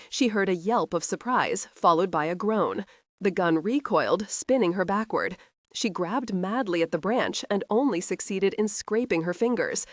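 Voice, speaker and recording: Woman, audiobook narration, expressive, lively intonation, dry studio sound. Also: mid-range voice, no echo. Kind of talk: scripted narration.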